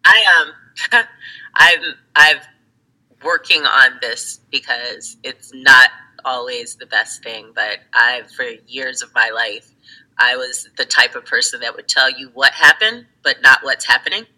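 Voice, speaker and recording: A woman's voice: a bass voice, a little slow, pushed and bright, poor audio. A woman in casual conversation, telling stories animatedly, acting out her friends in quotes and laughing often. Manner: laughs often while talking. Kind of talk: casual chat.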